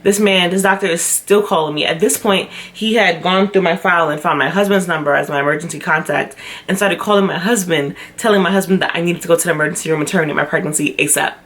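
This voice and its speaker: A young woman vlogger telling a personal story to camera, chatty and animated, often acting out what others said. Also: lowish voice, fast talker. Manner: chatty with frequent fillers. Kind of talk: storytime vlog.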